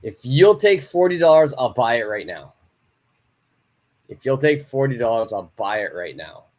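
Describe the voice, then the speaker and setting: A man teaching an online English lesson, repeating example phrases slowly and clearly. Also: medium pitch, animated, a little mellow.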